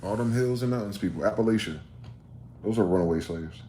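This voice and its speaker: A man's voice: lowish voice, a little fast, mellow. A man hosting a solo rant monologue, firing off rhetorical questions in a profane, combative way. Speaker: host. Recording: roomy echo, faint background noise.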